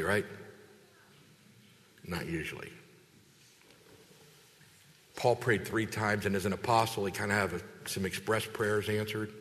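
A man preaching a sermon as a pastor, lively and conversational, acting out quoted voices with big jumps in pitch. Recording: long hall reverb.

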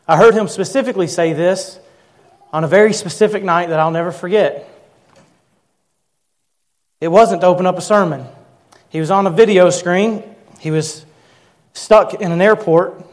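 A pastor in his thirties, his voice a little high, preaches a sermon built around a personal story. He tells it earnestly, slowing down to stress the key words.

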